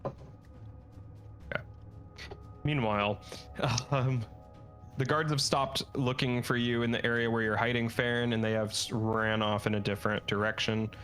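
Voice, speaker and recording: A man's voice: mid-range voice, fairly even intonation, a little slow, long pauses, fairly bright tone, faint music behind. A man narrating as game master for a tabletop game, setting scenes vividly and pressing players with questions.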